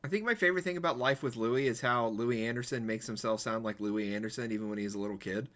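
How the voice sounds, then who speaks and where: A man's voice: medium pitch, quick pace, a bit bright, faint music behind. A male streamer chatting casually and rambling while he plays a golf game. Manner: rambling, chatty, self-correcting. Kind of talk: casual chat while gaming.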